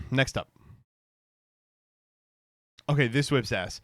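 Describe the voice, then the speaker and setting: A man's voice: mid-range voice, expressive, drawn-out words, dry recording, clean studio sound. A man streaming casual reaction commentary, rambling and swearing freely, with frequent laughs. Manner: rambling, profane, laughs often.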